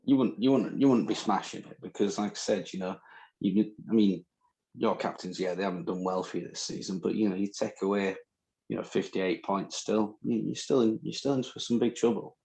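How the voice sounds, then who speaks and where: A man with a northern English accent chats and teases his co-host on a podcast. His voice sits very low with a gravelly, creaky edge. He talks in loose, rambling banter. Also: brisk, warm tone, low-quality recording. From northern England. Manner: bantering, chatty, teasing. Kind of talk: casual chat.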